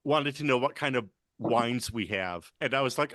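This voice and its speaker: A man hosting a casual podcast, a bartender giving measured, dry-witted advice. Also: medium pitch, a bit bright, dry recording.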